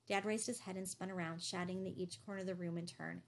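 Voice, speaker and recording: A woman reading a novel aloud in steady first-person narration. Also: fairly low pitch, quick pace, creaky, few pauses. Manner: steady storytelling delivery. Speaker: audiobook narrator.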